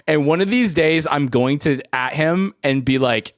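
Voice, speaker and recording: A man's voice: fairly high pitch, animated, unhurried, few pauses, no room sound, clean studio sound. A man in his twenties streaming live, chatting casually with viewers and telling rambling stories with frequent laughs. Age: 20s. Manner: rambling anecdotal storytelling, laughs often.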